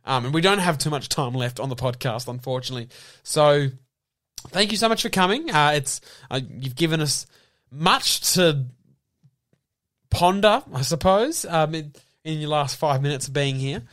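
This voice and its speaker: A man's voice: a little high, expressive, moderate pace, a bit bright. A young man co-hosting a comedy podcast, wry and easily amused, with an exasperated tone. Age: young adult. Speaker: podcast co-host. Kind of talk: casual comedy podcast banter.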